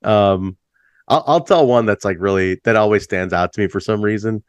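Middle-aged band guy, low-pitched, dry close sound, easygoing and profane; pitch jumps on story peaks. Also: normal speed, clean tone, no room sound. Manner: laid-back, swears freely, says "like" often, jumps high when acting out stories. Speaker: band musician, interview guest. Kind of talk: casual storytelling chat.

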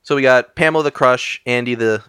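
A man's voice: mid-range voice, a little fast, sharp tone, clean tone, no echo. A man co-hosting a casual movie podcast, recapping the plot with jokes and silly voices. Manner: jokey, throws in silly character voices. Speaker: podcast co-host.

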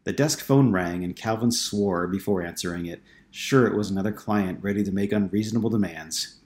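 A man narrating an audiobook in a steady, measured way. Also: low voice.

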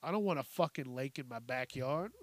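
A young man hosting a podcast, ranting profanely about the news and mocking people in quick put-on voices. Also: medium pitch, no room sound. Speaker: podcast host. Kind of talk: casual ranting commentary.

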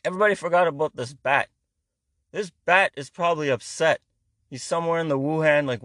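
A man's voice: fairly high pitch, brisk, fairly bright tone, no echo. A man, delivering a rambling, profane, sarcastic comedy rant. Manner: heavy swearing, rambling, sarcastic.

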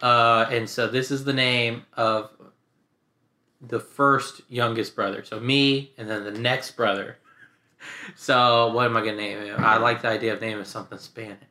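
A man's voice: medium pitch, little pitch movement, normal speed, bright, forceful tone. A young man chatting casually on a podcast, loose and slangy, often mimicking others in a raised voice. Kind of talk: casual chat. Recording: echoey room.

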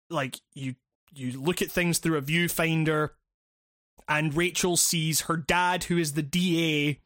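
A man's voice: on the high side, fairly bright tone, no echo, clean studio sound. A man recapping a video game plot in casual chat, rambling and swearing, with many fillers and restarts.

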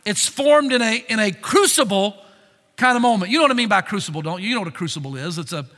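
A pastor delivers a sermon in a high, bright voice that echoes through a large church sanctuary. He swings from forceful emphasis down to near-whispered lines. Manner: dramatic swings from loud emphasis to hushed low tones.

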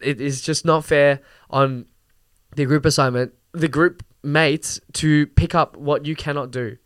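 A young man hosts a podcast and rants casually, full of fillers, laughs and the odd swear word. His voice sits a little high and sounds smooth and clear. The recording is dry and close, with no room sound. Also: measured pace, fairly bright tone, no echo. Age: young adult. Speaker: podcast host. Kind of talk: casual rant.

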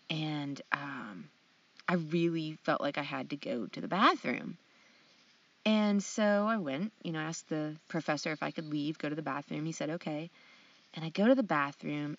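A young adult woman telling a funny story in casual chat, animated and acting out dialogue, with many fillers. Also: low voice, far from the mic. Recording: dry, dull sound.

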